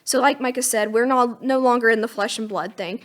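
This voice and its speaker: A woman co-hosting a Bible teaching podcast, retelling scripture in a chatty, casual way with lively acted-out quotes. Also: a little high, fairly quick.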